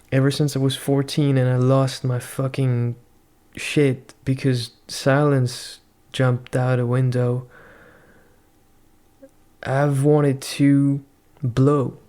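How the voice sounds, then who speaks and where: Young male vlogger, non-native English, flat monotone delivery, swearing, soul-searching rant. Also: mid-range voice, clear, resonant tone. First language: not English. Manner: profane, ranting, introspective. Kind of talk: rambling personal monologue.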